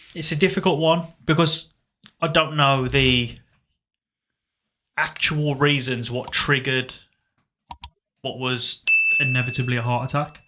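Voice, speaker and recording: A young man on a podcast, recounting a painful memory in a halting, reflective way, often trailing off quietly. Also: mid-range voice, fairly even intonation, slight background noise. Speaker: podcast co-host. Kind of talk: casual emotional conversation.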